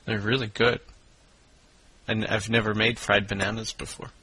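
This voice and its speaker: A man co-hosting a podcast, making teasing, deadpan jokes in casual chat. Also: fairly low pitch, moderate pace, breathy edge, low-quality recording. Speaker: podcast co-host.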